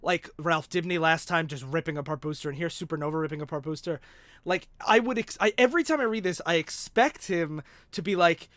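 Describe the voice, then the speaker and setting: Casting: enthusiastic high-pitched guy, close dry mic, laughs easily. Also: brisk, a bit bright, dry recording. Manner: enthusiastic, laughs often, quotes panels. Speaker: podcast co-host. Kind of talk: casual chat.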